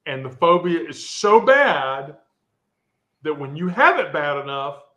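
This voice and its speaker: Slow, bright-voiced woman storyteller. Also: sits low. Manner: rambling, animated and profane, with asides. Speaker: host of a live social stream. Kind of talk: casual live storytelling.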